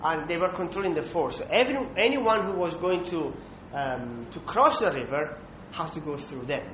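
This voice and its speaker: A man preaching a sermon, emphatic, pausing to check in with listeners with a questioning "hmm". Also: animated, fairly bright tone. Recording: echoey room with faint rumble.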